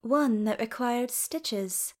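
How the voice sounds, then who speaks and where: A woman's voice: on the high side, measured pace. Woman reading as a teasing dwarf queen. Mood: gently pointed. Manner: sweetly teasing, lively.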